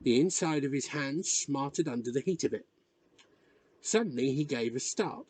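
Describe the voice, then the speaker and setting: A man reading a novel chapter aloud in measured, expressive narration. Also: medium pitch, husky, no room sound. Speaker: reader. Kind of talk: audiobook narration.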